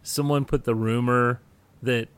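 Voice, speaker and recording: A man's voice: mid-range voice, fairly even intonation, measured pace, smooth, no room sound. A man in his forties, co-hosting a casual chat, laughing often and acting out bits of remembered dialogue. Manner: chatty, laughs often, acts out quotes. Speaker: podcast co-host.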